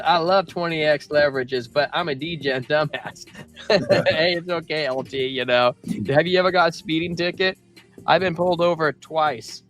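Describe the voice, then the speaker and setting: Male livestream co-host, higher voice, rambling and jokey, soft music bed behind him. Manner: rambling, joking, reads chat aloud. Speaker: crypto show co-host. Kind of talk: casual livestream chat.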